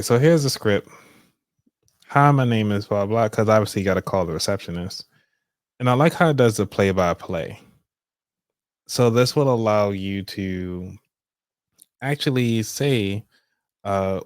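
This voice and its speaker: A man's voice: lowish voice, a little slow, no room sound, studio quality. A man hosting a live money show, talking loosely and offhandedly with trailing asides. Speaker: podcast host. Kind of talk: casual live demonstration.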